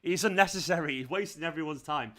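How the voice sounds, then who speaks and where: Cheeky, bright-voiced young streamer. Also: male voice, fairly high pitch, fast talker. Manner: cheeky, teasing, laughing often. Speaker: football watchalong streamer. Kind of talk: casual live-stream chat and commentary.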